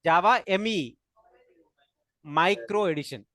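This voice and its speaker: High-voiced Indian English programming teacher. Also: male voice, a little slow, pushed and bright, dry recording, clean studio sound. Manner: quizzes students, repeats key terms, corrects pronunciation. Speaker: programming instructor. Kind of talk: live classroom lecture.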